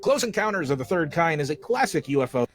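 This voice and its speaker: A man narrating a comedic video essay in a sarcastic, profane, excitable way. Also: on the high side, fast, soft background music.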